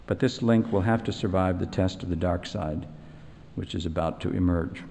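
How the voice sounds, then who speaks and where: Low-voiced man lecturing in a hall. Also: gravelly, a little mellow. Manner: measured, explanatory. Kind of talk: evening lecture with storytelling.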